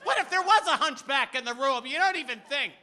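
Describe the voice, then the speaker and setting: A man's voice: extremely high pitch, animated, fairly quick, pushed and bright, full character voice. A comedian voicing his exasperated mother, shrieking and scolding.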